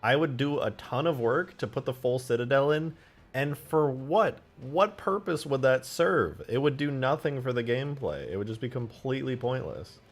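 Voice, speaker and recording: A man live-streams his game modding, chatting loosely and swearing as he answers questions from chat. His mid-range voice is expressive and at normal speed, with faint music in the background.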